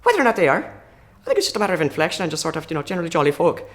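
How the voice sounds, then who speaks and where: A man's voice: on the high side, wildly swooping pitch, very fast, fairly bright tone. A man voicing a jolly Northern Irish man with a Northern Irish accent, in a sing-song lilt that rises like questions.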